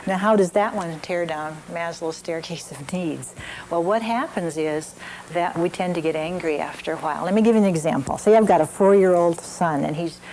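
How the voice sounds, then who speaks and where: An older woman teaching a parenting class, gently telling stories from her own family with frequent restarts. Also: on the low side, moderate pace, a little hiss or hum, poor audio.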